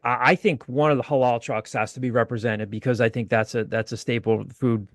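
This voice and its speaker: A man's voice: mid-range voice, steady tone, a little fast, no room sound, clean studio sound. A man hosting a casual podcast chat, reading out listener posts and bantering with his co-hosts. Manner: reads listener posts aloud, chatty. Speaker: podcast host.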